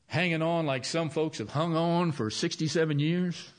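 Folksy male pastor preaching softly. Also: a little high. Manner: folksy, conversational, with long pauses and soft emphasis. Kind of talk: sermon.

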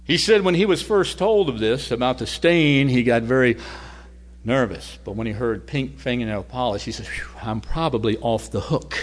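Male preacher, mid-pitched, folksy storytelling sermon, swings between loud and hushed. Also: moderate pace. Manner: conversational, varies loudness from loud to near-whisper.

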